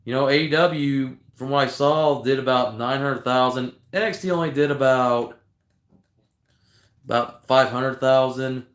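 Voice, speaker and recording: A man's voice: mid-range voice, measured pace. A man hosting a casual livestream, rambling and talking to his chat viewers. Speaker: livestream host. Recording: echoey room.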